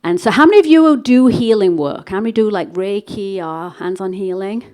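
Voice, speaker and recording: A woman from England, telling a story to a live workshop audience in a chatty, animated way and acting out the dialogue. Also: mid-range voice, a little fast. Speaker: workshop speaker.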